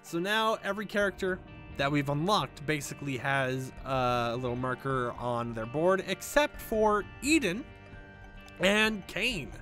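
A man giving jokey, animated gameplay commentary as a YouTuber, talking back at the game, with faint game music behind him. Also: fairly high pitch, a little slow. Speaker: gaming YouTuber.

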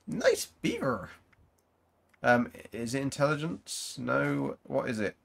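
A man's voice: medium pitch, steady tone, measured pace, vocal fry, fairly bright tone. A man hosting a gaming channel, rambling casually to viewers as he plays. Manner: rambling, chatty, talks to viewers. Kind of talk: casual gameplay commentary.

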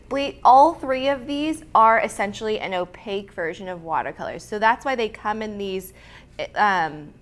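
A young woman hosting a casual art lettering tutorial, chatty and quick to laugh, with frequent ums and restarts. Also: medium pitch, fairly bright tone. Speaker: art instructor and host.

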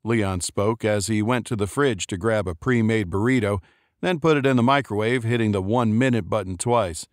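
A low-voiced man narrating a short story in a steady, measured read. The recording is dry and close, with no room sound. He keeps an even storytelling pace. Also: no room sound. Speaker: audiobook narrator. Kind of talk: scripted narration.

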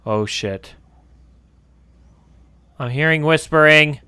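Slow and on the high side, this man's voice sounds pushed and bright, clean, with no room sound. He hosts a gaming channel, muttering to himself through a horror game, jumpy and swearing a lot.

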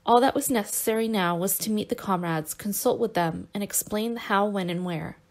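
A woman narrating an audiobook in a steady, measured reading voice. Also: medium pitch.

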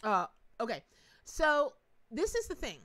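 A woman's voice: high voice, huge pitch swings, measured pace, fairly bright tone. Bubbly chatty woman tarot reader. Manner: bubbly, laughing, Southern-flavored asides. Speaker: tarot reader hosting a live stream. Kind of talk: chatty live-stream reading.

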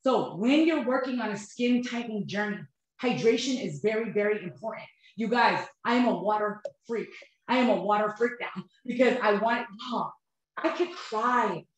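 A woman talks straight to her viewers, animated and heartfelt, calling them "you guys." Her voice sits a touch high. It rings with heavy echo from a bare room. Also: normal speed. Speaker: host of a couples health channel. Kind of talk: emotional personal talk to viewers. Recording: very echoey room.

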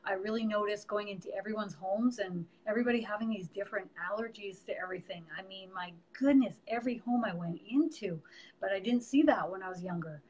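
A woman's voice: mid-range voice, fast, breathy edge, rough recording. A middle-aged woman, a medium, hosting a casual live stream and chatting about her work with many fillers. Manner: chatty, warm teaching with frequent fillers. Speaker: medium and host.

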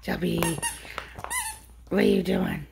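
A woman's voice: fairly low pitch, huge pitch swings, slow, vocal fry, background noise. A woman filming her dogs at home and talking to them in sing-song baby talk. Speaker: dog owner filming her pets. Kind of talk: casual pet-talk vlog. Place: home, indoors.

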